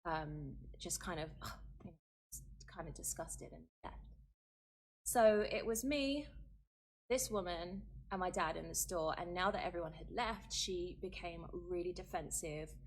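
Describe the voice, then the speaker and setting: A woman's voice: fairly low pitch, slightly rough. A woman telling her own experience in an interview, earnest, with fillers and rising intensity, from an archived clip. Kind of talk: personal account in an interview.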